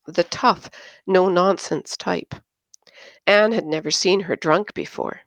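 A woman narrating a science fiction audiobook in a measured, even reading. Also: lowish voice, gravelly, no echo.

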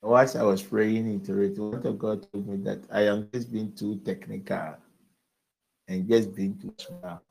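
A pastor at an evening service, earnestly exhorting the congregation and leading prayer. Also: male voice, lowish voice, fairly even intonation, moderate pace, gravelly, darkish tone, low-quality recording.

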